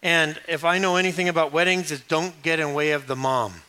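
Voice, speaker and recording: A pastor with a smooth, somewhat high male voice gives a brisk sermon. He's an animated storyteller who jokes and acts out the voices of the people he quotes.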